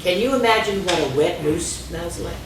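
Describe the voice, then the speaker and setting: An older woman reading a storybook aloud to children, animated and playful, hushing them now and then. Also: fairly low pitch, moderate pace, noisy background. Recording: echoey room, distant mic.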